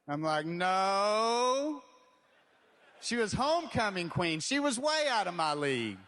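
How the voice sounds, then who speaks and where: A man's voice: high-pitched, sing-song, normal speed, a bit bright, big-room sound. A man doing a dry, self-deprecating stand-up set. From Eastern Kentucky. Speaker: stand-up comedian.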